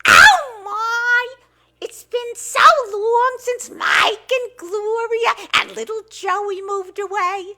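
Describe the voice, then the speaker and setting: A woman impersonating a sweet, flustered sitcom housewife with a shrill, sing-song voice. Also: slow, sharp tone, heavily acted.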